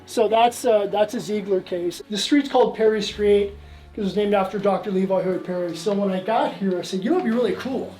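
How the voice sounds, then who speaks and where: A man's voice: high-pitched, fairly even intonation, fairly quick, darkish tone, poor audio. A man casually telling stories as he shows guests around his collection, rambling with lots of fillers and restarts. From Canada. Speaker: museum owner giving a tour. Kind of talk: casual storytelling tour.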